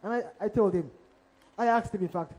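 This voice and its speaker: A man with a high-pitched voice and a warm, mellow timbre tells his story live on stage. He speaks as an investigative journalist, dramatic and direct, often putting questions straight to the audience. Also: fairly quick, rough recording.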